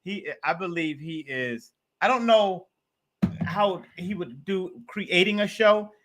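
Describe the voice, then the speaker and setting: Man on a podcast, kinda high voice, rambles and repeats himself, earnest. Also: lively intonation, slow, background noise. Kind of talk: casual chat.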